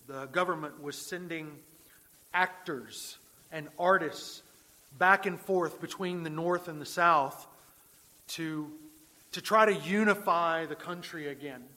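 Bright-voiced male pastor preaching. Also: fairly high pitch, slow pace, pauses often. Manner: storytelling, earnest, repeats words when emphatic. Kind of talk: sermon.

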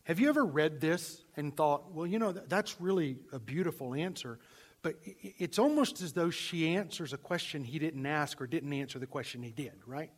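A male pastor preaching a sermon, swinging from loud emphasis to hushed, near-whispered lines. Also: fairly high pitch, normal speed.

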